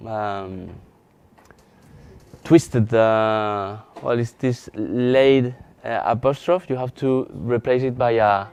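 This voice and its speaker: A man with a Spanish accent teaching a live software training lesson, halting often with restarts and fillers as he demonstrates on screen. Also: medium pitch, clean tone. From Spain. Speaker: GIS instructor.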